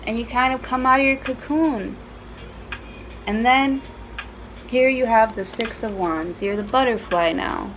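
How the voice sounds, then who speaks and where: A woman's voice: fairly high pitch, measured pace, long pauses, a bit bright, a little hiss or hum, rough recording. A woman giving a casual tarot reading at home, chatty and playful, with frequent swearing. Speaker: tarot reader.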